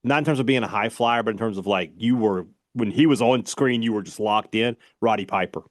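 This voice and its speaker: A man with a Southern US accent co-hosting a casual sports chat podcast, laid-back, agreeable and quick to laugh. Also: lowish voice, no room sound, studio quality. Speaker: podcast co-host. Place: radio studio.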